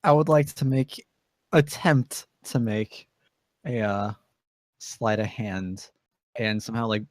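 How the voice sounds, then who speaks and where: A man playing a tabletop game in character, talking slowly and haltingly with frequent pauses and fillers. His voice sits at an ordinary male pitch, and the recording is dry and close. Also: no room sound. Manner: hesitant, halting, many uhs. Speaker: player. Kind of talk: tabletop role-play in character.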